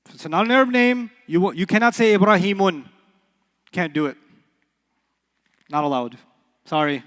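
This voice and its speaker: A man teaching an Arabic class in a lively, playful way, joking and quizzing his students. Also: high-pitched, normal speed, pauses often. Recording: long hall reverb.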